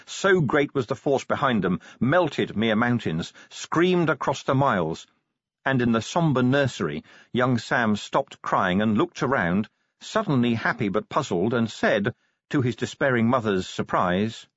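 Brief: expressive male audiobook narrator, animated delivery, slightly husky, muffled dry sound. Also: medium pitch, unhurried, dry recording. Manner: expressive, dramatic storytelling. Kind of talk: scripted fantasy narration.

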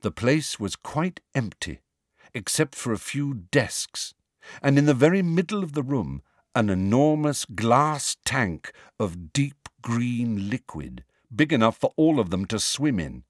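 Male narrator, audiobook reading, expressive, lively rise and fall, dry close sound. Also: medium pitch, measured pace, no echo.

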